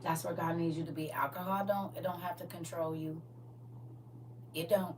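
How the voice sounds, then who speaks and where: A woman's voice: fairly low pitch, steady tone, moderate pace. Fervent woman preaching from a distance. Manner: fervent, exhorting, colloquial Southern speech. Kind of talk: livestreamed sermon. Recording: distant mic with faint noise.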